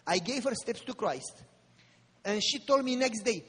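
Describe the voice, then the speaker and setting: A man preaching a sermon, telling a personal story with drama and rising to fervent appeals in a husky voice. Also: high voice, sing-song, measured pace. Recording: long reverb of a large hall.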